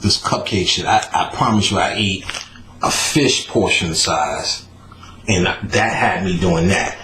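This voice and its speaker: A man hosting a podcast, telling a story in a casual, animated way, laughing and swearing often. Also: deep voice, measured pace. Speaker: podcast host. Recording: roomy echo with faint noise.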